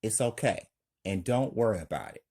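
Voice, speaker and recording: A man reading the lines of a polite, calm woman in a husky voice, pitched a little up. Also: moderate pace. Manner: polite, calm, slightly raised voice. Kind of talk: amateur script read-aloud.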